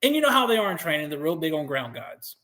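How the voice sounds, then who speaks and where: High-voiced man telling profane stories. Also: fast. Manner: animated, profane storyteller. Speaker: podcast host; Marine veteran. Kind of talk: casual war-story chat.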